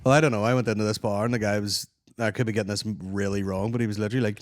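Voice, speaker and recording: A man's voice: on the low side, racing, hardly any pauses, no room sound, studio quality. A man guesting on a podcast as a comedian, swearing freely while he tells stories. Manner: sweary, storytelling. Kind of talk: casual podcast banter.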